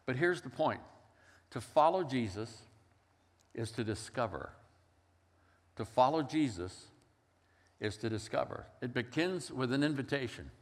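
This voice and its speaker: A man's voice: medium pitch, animated, a little slow, pauses often. An older man preaching a sermon as a pastor, telling stories in a conversational way and acting out the quoted lines. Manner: storytelling, conversational with acted-out quotes. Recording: long hall reverb.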